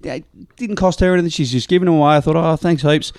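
A man's voice: on the high side, racing, darkish tone, clear, resonant tone, no room sound, clean studio sound. An Australian man co-hosting a radio show, chatting casually and acting out quotes as he tells stories. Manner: chatty storyteller, acts out quotes. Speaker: radio co-host. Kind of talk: casual banter.

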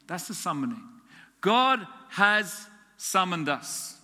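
A man's voice: high-pitched, measured pace, long pauses. A man preaching a sermon as a pastor, acting out little dialogues with God to make his point. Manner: animated, acts out dialogue with God. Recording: long hall reverb.

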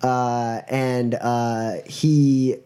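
A man's voice: mid-range voice, extremely slow, clean tone. Man running a tabletop game. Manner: relaxed, chuckling, many fillers. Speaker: game master.

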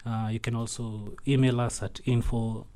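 A man, an animation studio founder speaking as a guest in a radio studio, halting and thoughtful with many fillers. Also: medium pitch, level tone, dark tone. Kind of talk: radio interview.

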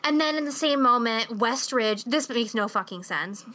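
A woman's voice: fairly high pitch, lively intonation, moderate pace, sharp tone. A young adult woman co-hosting a podcast, recapping a movie in a rambling, casual way full of swearing and filler words. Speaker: podcast co-host.

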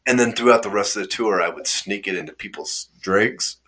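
A young man chatting casually, drifting through a long anecdote and acting out what people said along the way. His voice is fairly low but bright, and he laughs often as he talks. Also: a little fast, breathy edge. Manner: rambling storyteller, laughs often, acts out quotes. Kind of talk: casual chat.

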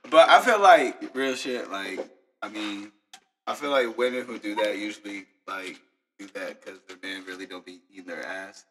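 A man's voice: on the low side, normal speed, fairly bright tone, breathy edge, low-quality recording. A young man co-hosting a podcast, bantering in slangy, crude jokes. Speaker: podcast co-host. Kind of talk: casual chat. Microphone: podcast mic on a desk.

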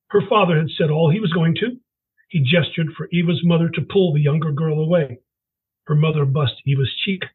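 A man, an author, reading the opening chapter of his novel aloud in a calm, measured voice. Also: a little high, slightly rough. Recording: muffled phone-like call audio.

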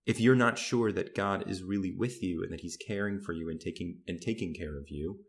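A man with a very low voice answers on a podcast. He reasons aloud, hesitant and thoughtful, and repeats words as he goes. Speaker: co-host. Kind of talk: podcast discussion.

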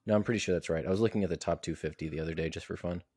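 Very deep-voiced man in casual chat. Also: rapid-fire, a little mellow, husky, no echo, studio quality.

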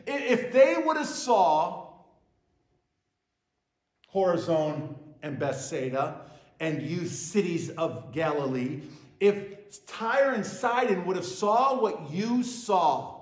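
A man preaching a sermon with emphatic delivery, repeating key phrases and swelling louder on them. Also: sits high, expressive, takes it slowly, roomy sound. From western New York. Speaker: pastor.

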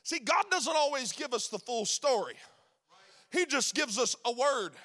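A man preaching a sermon, rising into shouted, sing-song preaching. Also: very high-pitched, lively intonation, a little slow. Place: church sanctuary.

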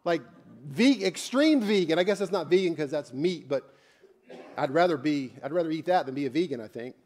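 A man's voice: fairly high pitch, animated, brisk, a little mellow. A man preaching as a pastor in a church, conversational and joking, with blunt asides to the congregation. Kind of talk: sermon.

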